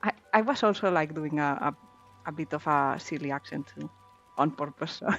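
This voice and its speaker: A woman's voice: low-pitched, normal speed, a bit bright. Giggly woman streaming a game. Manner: giggly, chatty, restarts words. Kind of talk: casual game stream chat. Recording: slightly dull lo-fi mic. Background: faint background music.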